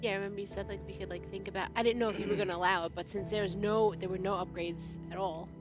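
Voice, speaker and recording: A woman playing a tabletop game who rushes eagerly through her ideas. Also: medium pitch, steady tone, over music. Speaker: player.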